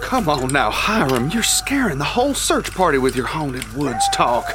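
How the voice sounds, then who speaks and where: An actor playing a stern, officious small-town deputy who insists on doing things by the book. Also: male voice, on the high side, huge pitch swings, normal speed, noisy background.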